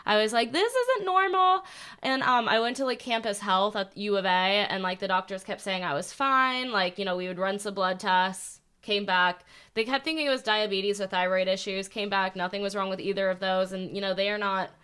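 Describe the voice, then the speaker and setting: A woman in her twenties talks as a podcast guest in a loose, giggly way, leaning on "like" as she goes. Her voice sits at a middle pitch for a woman, neither high nor low. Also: steady tone, brisk, bright, forceful tone, smooth. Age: 20s. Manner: chatty, giggly, lots of "like". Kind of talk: casual chat.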